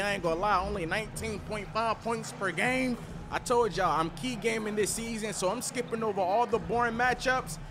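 A man giving casual gameplay commentary, loud and excitable, trash-talking and swinging from mumbles to yells. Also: high-pitched. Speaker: gaming streamer.

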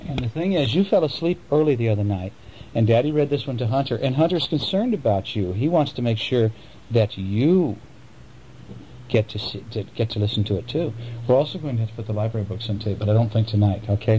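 A father reads a bedtime story to his kids at home, gentle and chatty, asking them questions as he goes. His voice is gravelly and lively in pitch, with a faint hiss behind it. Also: fast talker, dull audio. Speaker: father reading to his children.

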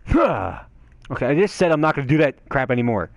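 A young man giving excitable gameplay commentary, swearing and yelling at the game. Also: medium pitch, brisk, no room sound, dull audio. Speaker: gaming channel host.

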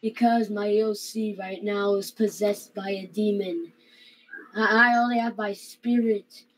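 A woman's voice: medium pitch, steady tone, a little slow, a little hiss or hum, rough recording. A woman playing in a game roleplay, chatting casually and repeating words as she hesitates. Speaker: roleplay player.

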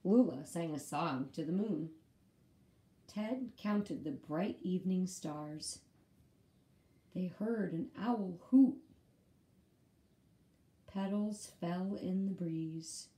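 Woman reading a kids' bedtime story, gentle teacher manner, unhurried, warm dark tone. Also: fairly low pitch. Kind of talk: children's read-aloud.

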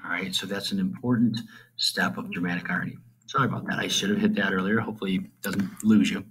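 A man with a lowish voice delivers an informal recorded lesson. He checks in constantly with a quick "okay?" and slips into quiet, whispery asides while explaining. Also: steady tone, a little hiss or hum, poor audio. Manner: trails off into low, whispery asides. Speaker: teacher. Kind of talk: recorded classroom lecture.

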